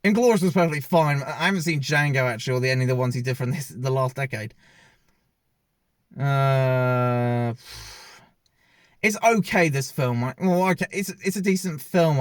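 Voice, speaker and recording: Speaking into his own camera, a man with a fairly high voice reviews a film in a casual, opinionated way. He rambles and corrects himself partway through sentences, with no room sound in the recording.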